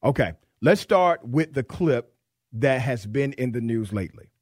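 A man's voice: medium pitch, lively intonation, unhurried, a little mellow, a little hiss or hum. A man hosting a radio talk show from the studio, chatting loosely and joking with listeners. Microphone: studio microphone.

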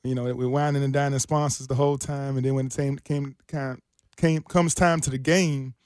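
A man's voice: medium pitch, fairly even intonation, moderate pace, a little mellow, no room sound. Brief: male radio co-host, easygoing and rambling, dry studio sound, mid-range voice. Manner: laid-back, rambling with many restarts. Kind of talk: casual sports radio banter.

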